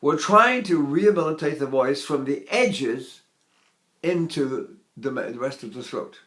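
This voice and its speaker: A man in his eighties giving a spoken voice lesson in an unhurried, explanatory way, now and then singing or breathing to demonstrate. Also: fairly high pitch, lively intonation, fairly bright tone. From United States. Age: 80s. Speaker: voice teacher.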